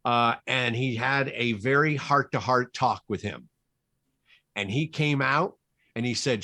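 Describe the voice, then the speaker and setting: A man being interviewed about his career, with a voice of ordinary middle pitch. He tells anecdotes from film sets in a relaxed, lively flow. He often acts out what other people said. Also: a little slow. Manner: animated, quotes people in his stories. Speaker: cinematographer guest.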